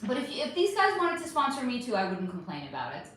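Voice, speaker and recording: A woman's voice: on the high side, huge pitch swings, quick pace, fairly bright tone. A woman hosting a live stream, chatting casually, reading viewer comments, swearing freely and calling people honey. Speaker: livestream host. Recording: very echoey room, faint background hum.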